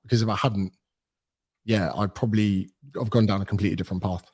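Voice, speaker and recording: A man's voice: on the low side, fast talker, husky. A British man in his thirties, a personal trainer talking as a podcast guest, telling stories and acting out quoted dialogue. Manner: animated storyteller, acts out quoted dialogue. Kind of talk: casual podcast interview.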